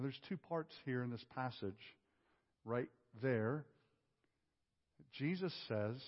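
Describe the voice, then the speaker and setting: A male pastor preaching a sermon, asking rhetorical questions and swinging from loud emphasis to hushed tones. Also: on the high side. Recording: dull audio with long hall reverb.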